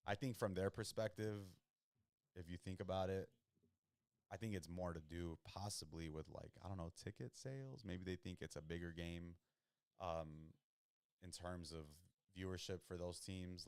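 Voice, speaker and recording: A young man with a very low, smooth voice chats loosely about the football he is watching, dropping slang as he reacts to each play. The close mic gives a dry sound with no room around it. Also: darkish tone, no room sound. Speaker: podcast host watching football. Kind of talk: casual live-watch commentary.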